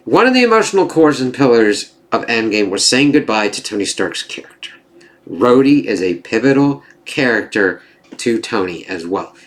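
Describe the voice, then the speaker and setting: A man's voice: mid-range voice, fairly bright tone. A man giving an opinionated spoken review of a TV series. He is blunt and exasperated, swears heavily, and slips into mocking voices when he quotes characters.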